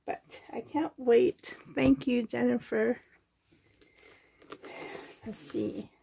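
A woman filming an unboxing vlog in her bedroom, gushing with excited exclamations and soft whispers. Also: fairly high pitch, extremely slow, vocal fry, a little hiss or hum. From Canada. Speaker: doll collector vlogger. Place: bedroom at home.

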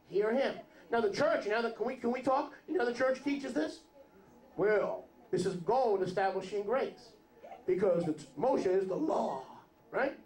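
A man's voice: high-pitched, lively intonation, moderate pace, darkish tone. A man teaching as a rabbi in a sermon, joking and asking his congregation questions. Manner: joking, conversational, asks the audience questions. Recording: roomy hall.

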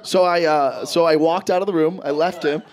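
A man performing a stand-up comedy set, telling stories animatedly and swearing freely, his voice jumping high and loud when he acts panicked. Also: steady tone, moderate pace. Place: stage in front of a live audience. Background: audience laughter.

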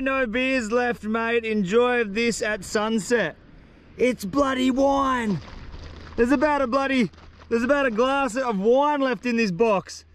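A young Australian man vlogging a solo survival trip outdoors, excitable and slangy, talking straight to camera. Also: very high-pitched. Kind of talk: casual outdoor vlog. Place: outdoors on a beach in the bush.

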